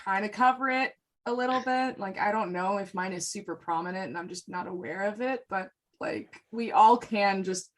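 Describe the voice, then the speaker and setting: A woman's voice: mid-range voice, normal speed. A woman with a Midwestern American accent, chatting as a podcast guest, bubbly and laughing often. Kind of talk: casual chat.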